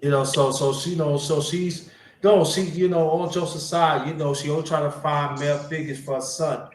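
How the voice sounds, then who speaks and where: A man's voice: on the high side, steady tone, moderate pace. Rambling man on an echoey livestream. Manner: rambling, many fillers and restarts. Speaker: livestream host. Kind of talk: casual livestream chat. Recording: echoey room with background noise.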